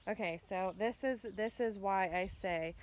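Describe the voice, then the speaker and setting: Slow-talking woman filming her farmyard. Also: medium pitch, slight background noise. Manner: angry and upset, swears, keeps saying "bam". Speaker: farm vlogger. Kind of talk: casual walk-and-talk vlog. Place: outdoors by a chicken pen near woods.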